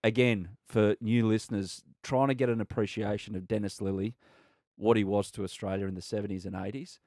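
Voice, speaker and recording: A man's voice: fairly low pitch, fairly even intonation, fairly quick, darkish tone, dry recording, clean studio sound. A man co-hosting a podcast, asking questions in an upbeat manner and laughing easily. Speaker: podcast co-host. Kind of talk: casual podcast interviewing.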